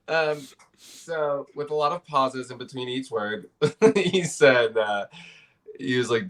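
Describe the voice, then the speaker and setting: A man's voice: medium pitch, slow. A man in casual podcast conversation, telling stories in a laid-back, profane way with frequent laughs.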